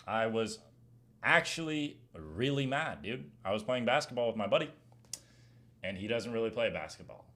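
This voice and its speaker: A young man streamer answering viewer questions in a casual, slang-heavy way, getting loud and heated as he rants. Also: fairly low pitch, fairly quick. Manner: animated slang-heavy rant, gets loud when heated. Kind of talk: casual Q&A chat.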